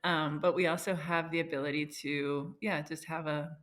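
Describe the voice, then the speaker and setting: A woman's voice: low-pitched, fairly even intonation, moderate pace, fairly bright tone. A woman in her forties talking in a casual interview, chatty and laughing often as she acts out little quotes. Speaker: guest, founder.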